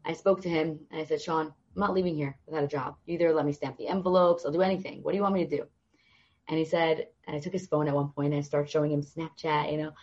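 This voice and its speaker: On a podcast as a guest, this young woman speaks low and quick, with lo-fi sound quality. Her conversational stories are lively, and she acts out everyone's quoted voices.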